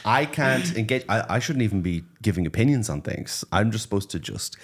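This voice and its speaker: A man with a low but very animated voice hosts a comedy podcast, upbeat and quick to laugh. His pitch swings widely as he banters with his guest at a studio mic. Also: vocal fry, slightly rough. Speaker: podcast host. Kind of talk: casual chat.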